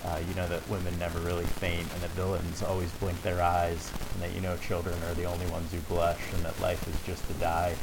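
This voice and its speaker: A very deep-voiced man talking in a laid-back, rambling way, laughing now and then. A clear noisy hiss sits under his voice. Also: monotone, fairly quick, few pauses. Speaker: podcast co-host. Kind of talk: casual chat about music.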